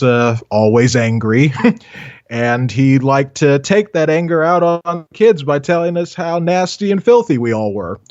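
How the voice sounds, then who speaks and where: A man's voice: a little high, clear, resonant tone, dry recording, highs cut off. A man from Southern California, an animator and voice actor, chatting as an interview guest with a stammering, self-mocking manner. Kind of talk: casual interview chat.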